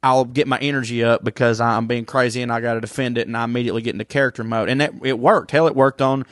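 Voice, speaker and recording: A man's voice: mid-range voice, fairly even intonation, quick pace, dry recording, studio quality. A young man, co-hosting a podcast and telling rambling stories in casual chat, swearing freely. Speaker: podcast co-host.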